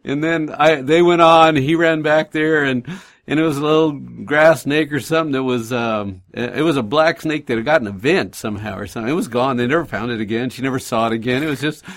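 A man hosting a Christian radio talk show, gently exhorting listeners and telling stories with an easy laugh. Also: medium pitch, fairly quick. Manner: gentle pastoral storytelling.

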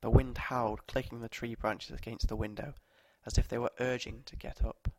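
A man's voice: medium pitch, level tone, moderate pace, no room sound. Man reading stories in a dry room. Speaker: narrator. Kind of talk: reading short stories aloud.

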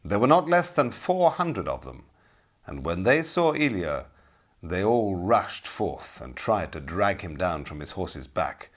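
Expressive male audiobook narrator. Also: low voice, a little slow. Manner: expressive, dramatic. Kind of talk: audiobook storytelling.

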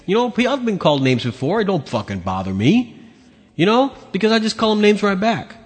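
A man's voice: high voice, wildly swooping pitch, a little fast, husky, long reverb tail. A man hosting his own podcast, ranting bluntly and sarcastically with lots of swearing. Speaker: podcast host. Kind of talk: opinionated solo rant.

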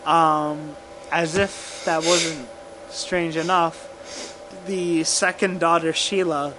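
A man co-hosting a podcast, telling a true crime case in casual profane chat, halting and laughing often. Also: a little high, little pitch movement, noisy background. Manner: slow, halting, laughs often, drinking whiskey.

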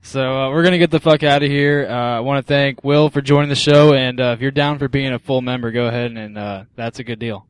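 A man's voice: mid-range voice, level tone, fast, few pauses, clean tone, no echo. A man co-hosting a late-night comedy podcast, telling rambling stories in casual chat. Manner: laid-back, rambling storyteller. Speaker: podcast co-host.

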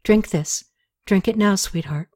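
Woman doing a gentle, soothing male caretaker. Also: medium pitch, measured pace, lightly acted. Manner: soft, soothing, insistent. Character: gentle man tending a sick woman.

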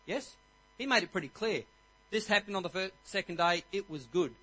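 A man in his forties giving a jokey, energetic church talk on marriage and rallying the congregation. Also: high voice, brisk, poor audio. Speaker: guest speaker at church.

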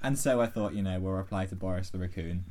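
A man hosting a casual podcast, reading listener emails aloud in a dry, deadpan way. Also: low-pitched, fast. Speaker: podcast host.

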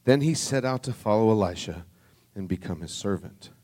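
A man's voice: lively intonation, normal speed. Earnest male pastor preaching. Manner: reads scripture aloud, dropping soft and low on solemn lines; earnest, conversational preaching with restarts. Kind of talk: sermon.

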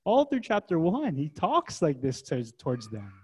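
A man's voice: a little high, huge pitch swings, normal speed, darkish tone, slightly rough. A man preaching a sermon as pastor, in a casual, conversational way full of rhetorical questions. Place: church gathering.

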